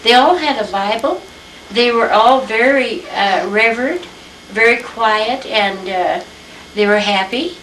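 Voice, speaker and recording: Older woman, unhurried chatty storyteller; distant mic in a roomy home. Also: a little high, a bit bright, slight background noise. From Iowa, USA. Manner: unhurried, chatty, acts out old conversations. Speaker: interviewee telling family history. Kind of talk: reminiscing storytelling.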